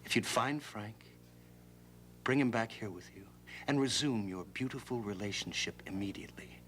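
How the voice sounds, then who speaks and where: A man's voice: on the low side, moderate pace, a bit bright, a little hiss or hum, close to an everyday voice. A man playing a sly, taunting soap brother. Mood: scheming. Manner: mocking, sugary and insinuating. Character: sly, taunting brother who delights in gossip. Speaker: soap opera character. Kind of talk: TV soap opera acting.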